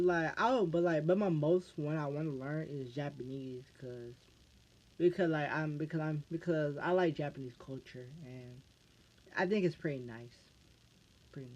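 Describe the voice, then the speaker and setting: A man's voice: a little high, a little mellow. An American man answering fan questions in a casual vlog, stumbling and restarting his phrases again and again. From United States. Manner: halting, restarts phrases over and over. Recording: dull lo-fi recording.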